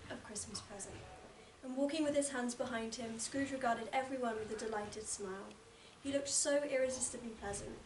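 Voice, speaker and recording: A young woman in her late teens reading a classic story aloud with lively expression, from a distance in an echoey room. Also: on the high side, noisy background. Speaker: student reader. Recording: echoey room, distant mic, noticeable ambience.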